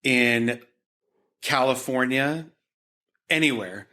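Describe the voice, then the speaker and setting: Male art historian guest, Utah-raised, bright forceful tone, chatty storyteller who restarts often. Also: medium pitch, takes it slowly. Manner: animated anecdotes with many restarts and filler. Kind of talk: conversational storytelling.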